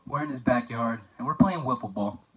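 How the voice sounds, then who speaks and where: A man's voice: medium pitch, fairly quick, a bit bright, far from the mic, rough recording. A young man giving a casual, joking best-man toast for a class assignment, telling anecdotes with plenty of fillers.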